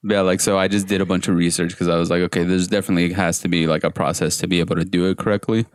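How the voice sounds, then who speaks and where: A man's voice: deep voice, level tone, very fast, clear, resonant tone, no echo, clean studio sound. A man in his twenties in casual podcast banter, joking, self-mocking and swearing often. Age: 20s.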